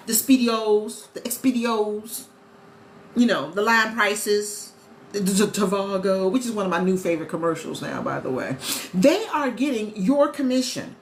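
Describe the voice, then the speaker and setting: A woman chatting casually to viewers on a live stream as a travel agent host, animated and talkative. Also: fairly high pitch. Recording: echoey room with faint ambient noise.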